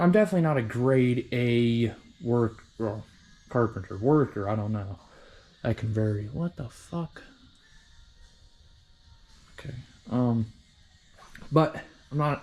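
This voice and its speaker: Rambling, profane man with a mellow voice. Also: medium pitch. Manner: rambling, profane, self-deprecating. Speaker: hobby vehicle restorer. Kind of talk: casual workshop vlog.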